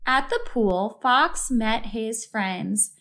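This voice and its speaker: A woman reading a children's picture book aloud with slow, clear storytelling. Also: on the high side, a bit bright. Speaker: storybook reader.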